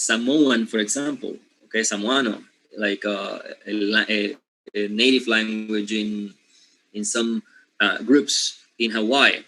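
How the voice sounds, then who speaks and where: Bright-voiced man lecturing with a Spanish accent. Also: on the low side, a little hiss or hum, poor audio. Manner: repeats words, checks in with "okay?" and "right?". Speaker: professor. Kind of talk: university lecture.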